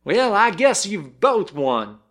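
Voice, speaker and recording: A man voicing a grave, slow-spoken cowpuncher with a dry sense of humor. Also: high voice, very animated, a bit bright, pitched above the performer's own voice, full character voice.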